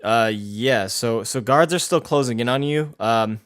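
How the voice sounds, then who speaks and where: A man's voice: medium pitch, measured pace, clear, resonant tone. Hesitant man running a tabletop game. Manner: hesitant, lots of fillers. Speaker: game master.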